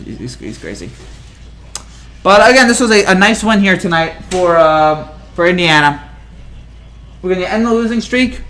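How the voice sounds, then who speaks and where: A man hosting a casual live sports stream, speaking in a high, bright voice. He rattles along very quickly, excitable and rambling, with plenty of fillers and restarts. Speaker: host.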